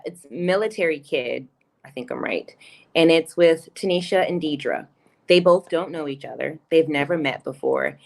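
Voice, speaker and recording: Earnest, stammering woman, lowish voice. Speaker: guest, singer-songwriter and project creator. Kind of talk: casual video call conversation. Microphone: video call.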